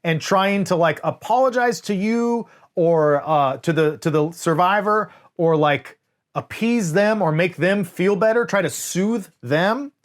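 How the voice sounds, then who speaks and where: A high-pitched, unhurried man co-hosts a laid-back movie review. He gets animated, swears a lot, and imitates scenes with different voices.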